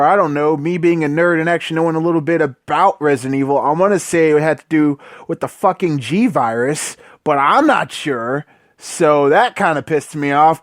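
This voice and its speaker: A man's voice: sits high, no room sound, studio quality. A man giving a casual, profane, sarcastic movie review, exasperated and full of fillers. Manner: loose filler-heavy talk.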